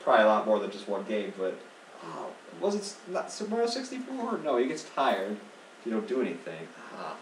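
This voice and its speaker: A man's voice: fairly low pitch, wildly swooping pitch, a little fast. A man chatting and joking while commentating a video game. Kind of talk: casual let's-play commentary. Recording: echoey room, mic at a distance, faint noise.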